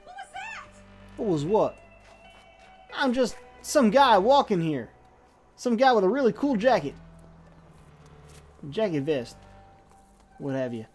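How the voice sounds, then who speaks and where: A woman's voice: medium pitch, very animated, takes it slowly, pauses often, a little mellow, faint music behind. A woman streaming a game live, talking to the characters in a made-up drawling accent with folksy slang, impatient and swearing. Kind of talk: live gameplay commentary.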